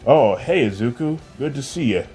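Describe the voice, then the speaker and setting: Man as upbeat casual teen leader, mellow. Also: medium pitch, animated, moderate pace, faint music behind, pitched above the performer's own voice, close to an everyday voice. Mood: friendly. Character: friendly teenage boy team leader.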